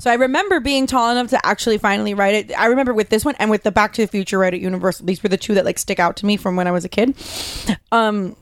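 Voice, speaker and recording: Quick-talking woman, dry close sound. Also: medium pitch, steady tone, dry recording. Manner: quick, chatty, says "like" often. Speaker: podcast co-host. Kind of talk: casual chat.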